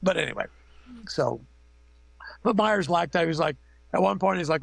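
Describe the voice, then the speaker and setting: A middle-aged man with a gravelly, fairly high voice tells long, rambling stories packed with fillers and casual swearing. He speaks as a guest over a remote call, and the sound is dry and close. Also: expressive, normal speed, long pauses, no echo. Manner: rambling, anecdotal, profane, many fillers. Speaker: makeup effects artist guest. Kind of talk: casual interview storytelling.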